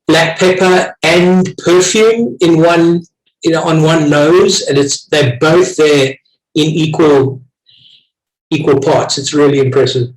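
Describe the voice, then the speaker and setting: A man's voice: fairly high pitch, takes it slowly, roomy sound, poor audio. A man with a South African accent hosting a casual online wine tasting, enthusiastic and chatty, often restarting his sentences.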